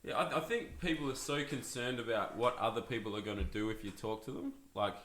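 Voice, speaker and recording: A man co-hosting a casual podcast chat, upbeat and quick to laugh as he steers the talk. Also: mid-range voice, a bit bright, roomy sound. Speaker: podcast co-host.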